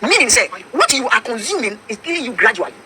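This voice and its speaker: A woman's voice: fairly high pitch, sing-song, fast, a crowd in the background. A Ghanaian woman pastor with a Ghanaian accent, preaching emphatically and mixing English with Twi. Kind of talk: preaching talk-show discussion.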